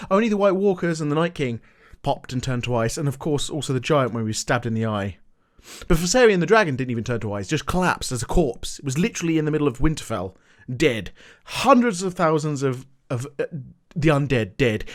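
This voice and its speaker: A TV show reviewer giving a ranting recap, exasperated, sarcastic and full of swearing, switching between loud outbursts and mutters. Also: medium pitch.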